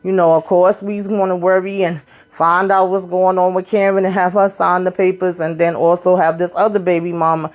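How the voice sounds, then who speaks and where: A woman's voice: lowish voice, flat delivery, normal speed, few pauses. Woman recapping a tv episode in aave, chatty and slangy, voices the characters as she goes.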